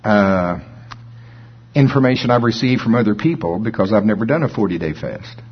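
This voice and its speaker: Male preacher, husky, chatty sermon delivery, slows down to read scripture, slightly low voice. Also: animated, highs cut off. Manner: conversational, reads scripture slowly and deliberately. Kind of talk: informal sermon with scripture reading.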